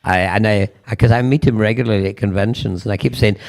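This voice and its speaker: An older man with a Scottish Highland accent, telling stories with impressions as the judge of a comedy game show on a convention stage. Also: fast, creaky. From Scotland. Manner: animated, drops into quoted voices. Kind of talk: storytelling with impressions.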